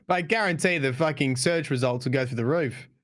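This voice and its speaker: A man's voice: a little high, brisk, a bit bright. A man with an Australian accent co-hosting a casual gaming podcast, joking crudely and swearing freely. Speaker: podcast co-host.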